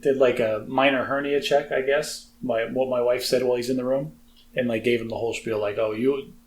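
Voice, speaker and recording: A man's voice: medium pitch, fairly even intonation, brisk, slight background noise. An American man co-hosting a podcast, talking in a chatty, self-deprecating way with lots of fillers. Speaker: podcast co-host. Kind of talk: casual chat.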